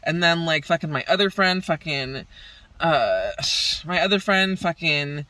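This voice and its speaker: Woman vlogger, exasperated and profane, rambling; bright, sharp tone, heard a bit off-mic in a dry room. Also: low-pitched, animated, unhurried, no echo, recorded from a distance, low-quality recording. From Southern California. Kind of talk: casual venting vlog.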